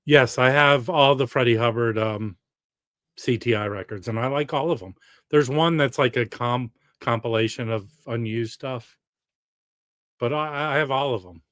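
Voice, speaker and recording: A man's voice: medium pitch, moderate pace, a bit bright, no echo. A man hosting a casual live stream alone, rambling and chatty as he reads out viewer comments.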